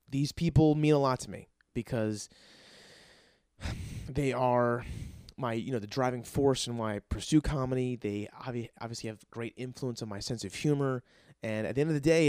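A man's voice: mid-range voice, clean tone, dry recording. Young guy podcast host rambling thru a story, swears a lot, dry close sound. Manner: excitable, profane, rambling with restarts. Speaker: podcast host and aspiring comedian. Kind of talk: casual comedic storytelling.

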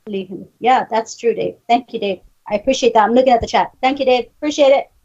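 A woman's voice: on the high side, fast talker, a little mellow. A woman co-hosting a podcast in casual chat, brash, boisterous and swearing freely. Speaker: podcast co-host. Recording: dull lo-fi call audio.

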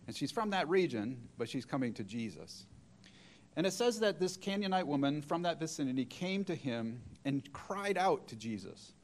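A middle-aged male preacher delivers a sermon with a voice a touch higher than most men's. He tells the story step by step and slips into the voices of the people he quotes. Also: lively intonation, moderate pace.

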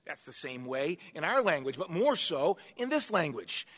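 A man in his fifties preaching a sermon, swinging from quiet asides to loud, emphatic passages. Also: fairly high pitch, sing-song, moderate pace, hardly any pauses, slightly rough. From United States. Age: 50s. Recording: long hall reverb.

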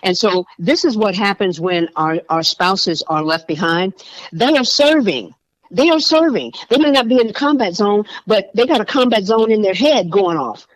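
A woman's voice: medium pitch, expressive, normal speed, hardly any pauses. A woman state senator and veteran, a podcast guest, talking with passion and repeating phrases for emphasis. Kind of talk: podcast interview. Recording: dull dry lo-fi recording.

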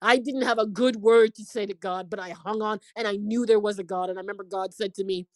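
A woman's voice: mid-range voice, steady tone, fast, few pauses, a little mellow, no echo. A woman in her forties giving an earnest, emotional faith testimony, now and then acting out the voices of people she quotes. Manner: earnest and preachy, quoting others in acted voices. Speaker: inspirational speaker.

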